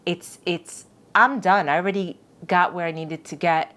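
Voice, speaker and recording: A woman's voice: lowish voice, normal speed. A middle-aged woman, a judge, telling stories in a casual interview, often repeating words and acting out what people said. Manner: lively, repeats words, acts out quotes. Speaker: judge and podcast guest.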